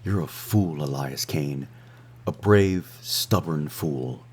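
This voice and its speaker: A man's voice: very deep voice, takes it slowly, slightly rough, exaggerated voice. A man voicing a fiery, defiant young woman. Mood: tender teasing. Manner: soft and wondering in quiet moments.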